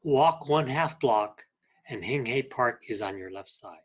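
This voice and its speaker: A man with a medium-pitched, husky voice and lively intonation teaches an English class, patiently reading direction and clarification phrases aloud. As an ESL teacher giving slow classroom instruction, he reads each example deliberately. The recording sounds muffled.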